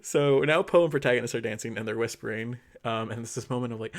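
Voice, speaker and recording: Man, podcast co-host, casual chat, gravelly, laughs a lot, does the characters' lines. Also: medium pitch, fast. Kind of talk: casual chat, recapping a story.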